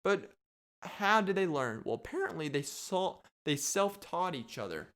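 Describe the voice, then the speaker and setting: Rambling man with a smooth voice. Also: high voice, sing-song, unhurried, fairly bright tone. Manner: rambling, jokey, riffs and repeats himself. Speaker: podcast host. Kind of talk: solo comedic podcast rant.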